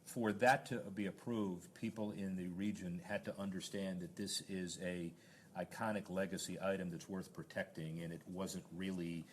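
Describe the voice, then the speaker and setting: A man's voice: low voice, fairly even intonation, moderate pace, slight background noise. A man hosting a conversational interview, explaining his points at length with frequent restarts. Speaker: sports business interviewer.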